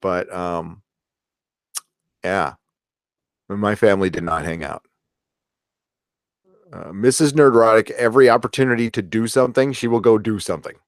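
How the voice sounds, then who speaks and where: A man's voice: lowish voice, no echo. Rambling man, dry close sound. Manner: rambling, many fillers and restarts. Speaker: livestream host reading chat. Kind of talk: casual live chat.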